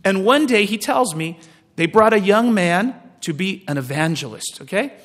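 Male pastor, high voice, storytelling sermon, slows for emphasis, big hall reverb. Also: animated, a bit bright.

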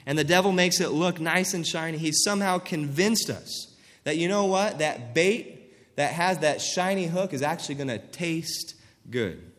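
A man's voice: on the high side, lively intonation, normal speed, fairly bright tone, big-room sound. A man preaching a sermon, earnestly reading scripture and acting out quoted voices for emphasis.

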